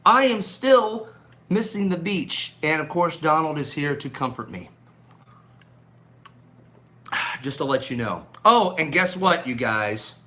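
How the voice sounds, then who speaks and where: An upbeat man chats on a home live stream, calling out viewers by name with frequent ums and restarts. His voice sits high and sounds bright, with a slight scratchiness in the throat. He talks into a phone mounted on a gimbal. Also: expressive, slow, pauses often. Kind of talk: casual live stream chat. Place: at home indoors.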